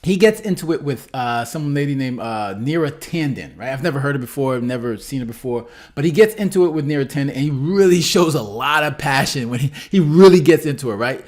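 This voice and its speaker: A man's voice: mid-range voice, lively intonation, a little fast, hardly any pauses, darkish tone. A man hosting a commentary channel, talking casually about a clip, rambling with many restarts and asking "right?" again and again.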